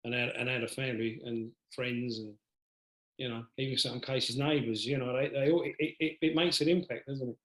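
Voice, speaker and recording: Male podcast host, mid pitch, sympathetic, repetitive phrasing, echoey room sound. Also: fairly even intonation, moderate pace, a bit bright. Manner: sympathetic, repeats himself, often trails off. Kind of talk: interview conversation. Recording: roomy echo.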